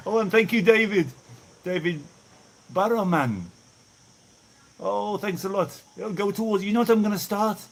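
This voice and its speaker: Middle-aged English man, Brummie accent, slightly high voice, chatty live-stream vlogger, faint background hiss. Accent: Birmingham English. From England. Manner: rambling, chatty, laughs often, thanks viewers by name. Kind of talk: casual live chat, reading out viewer messages. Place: outdoors in hot weather.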